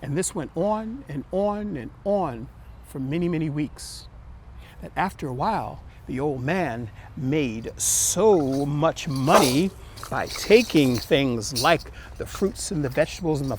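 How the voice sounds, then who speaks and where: A man telling a folktale for all ages as a storyteller, gentle and expressive. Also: fairly high pitch, breathy edge.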